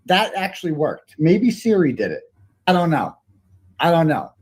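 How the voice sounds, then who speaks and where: A man's voice: a little high, big pitch swings, moderate pace, slightly rough. A man in recorded footage, narrating his own actions while he acts out crude lines. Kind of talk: casual spoken demonstration.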